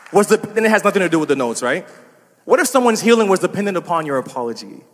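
A man's voice: high-pitched, slightly rough, long reverb tail. A man preaching a sermon as a pastor, talking casually to the congregation with asides and laughs.

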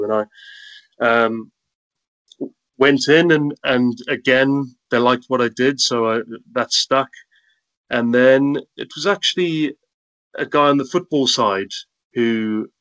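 A man's voice: mid-range voice, measured pace, long pauses, poor audio. A man recounts his working life in an easy conversational way. His voice sits in a middle range, and he often restarts sentences and quotes what others said. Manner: relaxed storytelling with restarts and quoted dialogue. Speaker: guest telling his career story. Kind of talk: casual chat.

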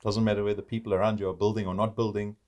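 A man's voice: lowish voice, flat delivery, very fast, darkish tone. Earnest man hosting an interview. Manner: earnest, motivational, sums up lessons. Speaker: interview host. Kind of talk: casual interview conversation.

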